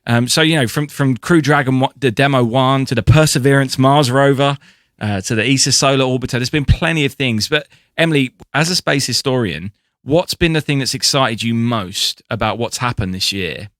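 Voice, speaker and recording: A man co-hosting a podcast, speaking in a measured way with frequent fillers. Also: medium pitch, fairly bright tone, no echo, studio quality. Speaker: podcast co-host. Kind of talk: casual chat.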